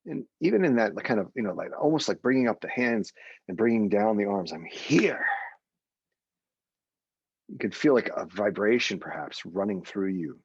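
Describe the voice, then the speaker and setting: A man leading a guided meditation, talking gently and unhurriedly and repeating soothing phrases. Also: lowish voice, animated, fairly quick, husky, no echo, muffled recording. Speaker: meditation teacher.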